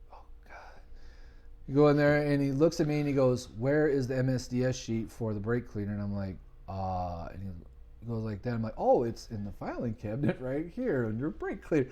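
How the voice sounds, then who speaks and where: A business owner appearing as a guest on a podcast speaks in a medium-pitched voice at a fairly quick clip. He's an animated storyteller in casual chat, acting out the voices of the people in his anecdotes.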